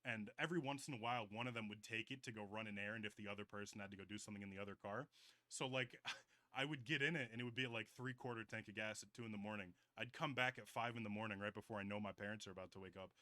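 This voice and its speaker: A man's voice: on the low side, rapid-fire, sharp tone, no echo. A man in his twenties co-hosting a podcast, telling long rambling stories in casual chat, full of "like" and swearing. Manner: rambling storyteller, heavy "like" filler and swearing. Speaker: podcast host.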